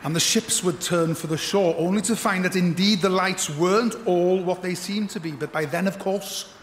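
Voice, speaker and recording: A man's voice: sits high, normal speed, noisy background. A man telling comic stories, with wry, dry asides. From Anglesey, Wales. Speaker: comedian host. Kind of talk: stand-up comic storytelling. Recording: echoey hall with long reverb.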